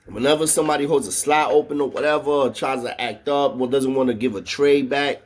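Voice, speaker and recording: A man's voice: mid-range voice, fairly even intonation, a little fast. A man tells a story in a casual, slangy and profane way. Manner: slangy and profane, with frequent "know what I mean".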